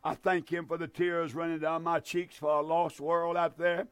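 A man's voice: on the high side, level tone, normal speed, clean tone, no echo. An older man preaching a fervent evangelistic sermon from a church, repeating his appeals again and again. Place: church sanctuary.

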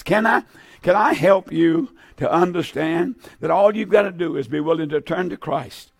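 Older preacher, fervent and gravelly. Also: male voice, high-pitched, no echo, studio quality. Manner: pleading, fervent, frequent "uh" fillers, breaks into song. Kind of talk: fervent sermon with altar call.

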